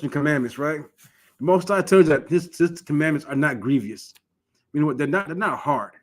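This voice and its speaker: A man from Michigan giving an informal, earnest class on religious law, urging listeners directly and often restarting his phrases. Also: on the high side. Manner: earnest, exhortative, frequent restarts. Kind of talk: informal scripture teaching.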